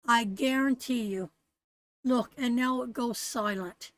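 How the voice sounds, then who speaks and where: A woman's voice: fairly high pitch, slow, no echo, low-quality recording. A woman with a Canadian accent reading tarot on a live stream, affectionate and emphatic, calling viewers darling and sweetheart and repeating her phrases. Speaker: tarot reader.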